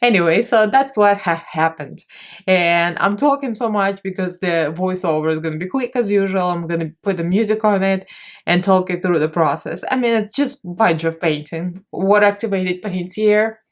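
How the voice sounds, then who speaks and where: Chatty makeup artist woman, lowish voice. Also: moderate pace. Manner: chatty, rambling, self-mocking. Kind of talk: casual vlog chat and tutorial voice-over.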